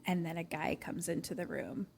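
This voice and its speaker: A woman's voice: lowish voice, fairly even intonation, normal speed, creaky, darkish tone, husky. A young adult woman co-hosting a podcast, casually retelling a film plot with lots of "like"s and acting out the characters' lines. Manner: chatty, many "like"s, acts out lines from the film. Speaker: podcast co-host.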